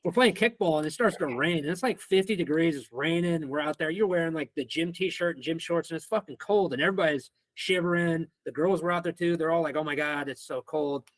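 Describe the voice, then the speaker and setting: Brief: young male podcast guest from Missouri, animated storyteller, highish voice, dry close sound. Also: quick pace, few pauses, dry recording. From Missouri, United States. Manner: animated, swears freely, acts out quotes. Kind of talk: casual storytelling.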